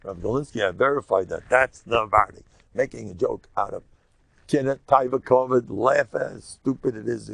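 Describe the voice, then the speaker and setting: An older rabbi who gives a Torah lecture in an animated, jokey storytelling way, full of repetitions. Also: male voice, mid-range voice, a little fast, vocal fry, slightly rough, no echo.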